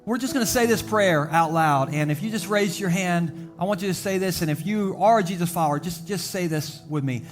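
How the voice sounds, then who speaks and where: High-voiced pastor preaching to a live congregation. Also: male voice. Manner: humorous storytelling, animated voices for quoted characters; slows down to a deliberate, emphatic cadence when preaching. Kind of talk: sermon. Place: church sanctuary before a live congregation. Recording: live church service with faint background music.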